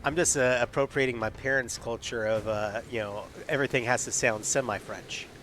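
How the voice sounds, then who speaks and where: A man's voice: medium pitch, fairly even intonation, brisk, a bit bright, slight background noise. A man in casual live-stream chat, hosting as game master and making upbeat, chatty announcements.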